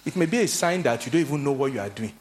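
Animated man preaching a sermon. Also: very fast, a little hiss or hum. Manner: animated storytelling, acts out quoted voices in a high pitch.

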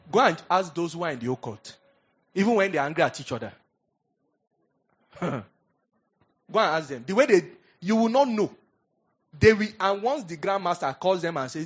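Animated pastor, husky voice. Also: male voice, sits high, muffled recording. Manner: animated preaching, swings from hushed asides to loud emphatic bursts, laughs often. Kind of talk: sermon.

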